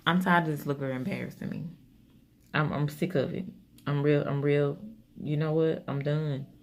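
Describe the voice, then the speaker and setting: A woman vlogger, chatting casually while doing her makeup and telling an exasperated story in animated, sassy bursts. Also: low voice, measured pace, pauses often.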